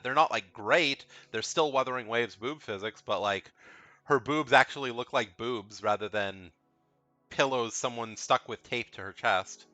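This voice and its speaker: A man's voice: mid-range voice, pushed and bright, dry recording. A man giving casual, rambling commentary as he ranks video game characters, frank and blunt, often repeating himself. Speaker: video game tier list creator.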